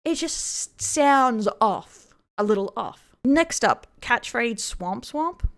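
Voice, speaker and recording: A woman's voice: on the high side, expressive, takes it slowly, a bit bright. A woman with a mild Australian accent, commenting critically on online streamer drama. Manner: skeptical, critical. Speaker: vtuber news commentator. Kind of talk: commentary over clips.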